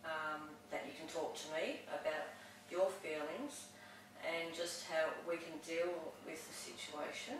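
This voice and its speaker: A counsellor talks in a calm, measured way and answers with short affirmations. The voice sits at a middle pitch and is set back from the mic. A very echoey room and faint hiss surround it. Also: recorded from a distance. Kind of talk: counselling session conversation.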